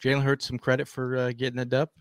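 A man's voice: medium pitch, monotone, fast, clear, resonant tone, no room sound. Slangy male co-host who rambles and restarts a lot, dry close sound. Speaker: podcast co-host. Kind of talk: casual sports chat.

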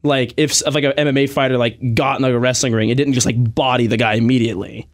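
A man's voice: mid-range voice, quick pace. A man, a guest pro wrestler, chatting casually and telling stories with lots of fillers. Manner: animated storytelling, many fillers and laughs. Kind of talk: casual podcast chat.

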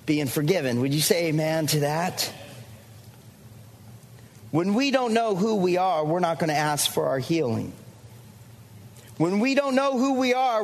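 A male pastor preaching a fervent sermon to his church, repeating lines and calling out to the congregation. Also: sits high. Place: church sanctuary. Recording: long church reverb.

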